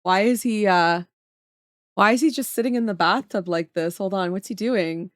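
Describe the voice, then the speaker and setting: A woman chatting casually on a livestream while she works. She talks to her viewers in a playful, joking way and plays up mock drama. Her voice sits at an average pitch, and the recording is dry and close. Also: moderate pace, dry recording. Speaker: streamer and artist.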